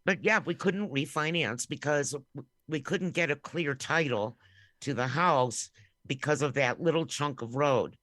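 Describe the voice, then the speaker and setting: A woman's voice: deep voice, unhurried, fairly bright tone, no echo, clean studio sound. Wry joking woman co-host. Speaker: podcast co-host. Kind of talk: casual chat.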